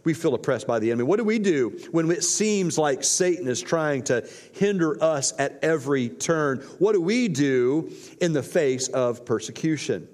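A man's voice: a little high, animated, moderate pace, hardly any pauses, darkish tone. Earnest man preaching in a reverberant church. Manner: earnest, repetitive exhortation. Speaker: pastor. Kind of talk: sermon.

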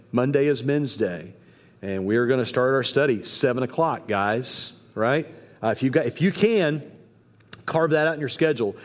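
A man preaching a sermon as pastor, in a conversational, emphatic way with folksy asides. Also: medium pitch. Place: church sanctuary. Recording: long hall reverb.

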